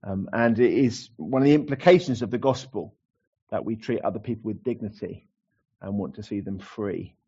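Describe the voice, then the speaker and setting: A man's voice: on the low side, normal speed, mellow, breathy edge, dull audio. A man in his forties preaching a sermon to his congregation in a chatty, self-deprecating way, with many fillers and restarts. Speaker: pastor.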